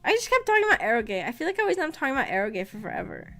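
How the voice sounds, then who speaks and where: Giggly woman streamer, a bit hoarse. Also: high-pitched, sing-song, rapid-fire, sharp tone, soft background music. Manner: rambling, giggly, often breaks into laughter. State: slightly rough voice after illness. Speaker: VTuber streamer. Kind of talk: casual live-stream chat.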